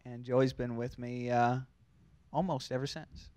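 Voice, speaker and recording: A man's voice: medium pitch, steady tone, unhurried, darkish tone, clear, resonant tone. A tipsy young man, a race car driver, telling a long story at a press conference, chuckling and repeating words as he goes. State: a little drunk.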